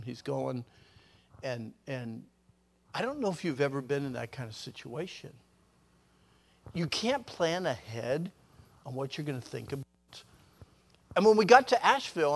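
An older man preaching a sermon with a personal story, animated, his voice surging loud and dropping to near whispers. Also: medium pitch, creaky.

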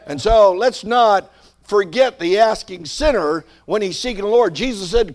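A man's voice: sits high, normal speed. Man preaching a fervent sermon. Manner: preaching with rising emphasis, conversational asides. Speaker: pastor.

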